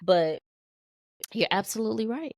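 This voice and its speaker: A woman's voice: fairly high pitch, expressive, normal speed, no room sound, studio quality. A woman and mother co-hosting a casual podcast chat, talking in meandering sentences full of restarts and fillers. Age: young adult to middle-aged, a mother. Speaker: podcast co-host.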